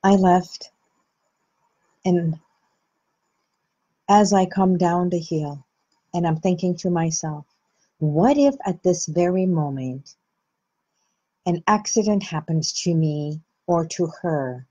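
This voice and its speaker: Low husky lady talking slow and gentle, self-help vibe, kinda dull lo-fi sound. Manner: slow, gentle and reflective, with soft pauses. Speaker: host. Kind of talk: reflective self-help talk.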